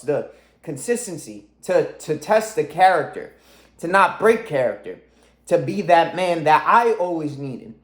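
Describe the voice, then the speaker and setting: A man's voice: on the high side, echoey room. A man in his twenties, a fitness coach, giving an intense, profane motivational vlog monologue from his room at home. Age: 20s. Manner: intense, profane, self-driven.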